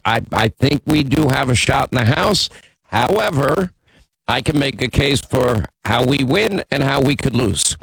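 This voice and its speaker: Gravelly, husky talk radio host man. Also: mid-range voice, no room sound, low-quality recording. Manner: conversational, teasing, opinionated. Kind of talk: talk radio, taking calls.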